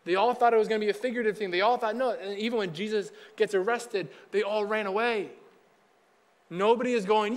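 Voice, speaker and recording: A male pastor preaches in a relaxed, conversational way and slips into quick acted-out bits of dialogue. He talks fast in a fairly high voice. A long reverb from a big church auditorium trails behind his words. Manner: chatty, acts out dialogue in quick asides. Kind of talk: casual conversational sermon.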